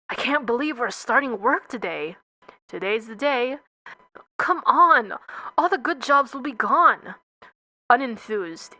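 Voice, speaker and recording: Young woman, comedic script reading, bright voice, unhurried, dry close sound. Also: on the high side, no echo. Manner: reads all parts and stage directions, breaks off to comment and swear.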